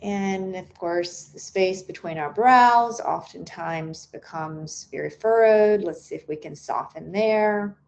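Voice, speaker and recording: Slow, calm woman guiding a meditation. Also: on the low side, vocal fry, highs cut off. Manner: slow, soothing, unscripted guidance with fillers. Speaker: meditation instructor. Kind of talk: guided meditation.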